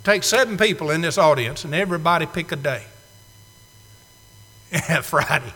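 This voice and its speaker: A man preaching a folksy sermon to a congregation, swinging from loud declarations to hushed asides. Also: a little high, expressive, normal speed, pauses often. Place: church sanctuary. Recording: long reverb of a church hall.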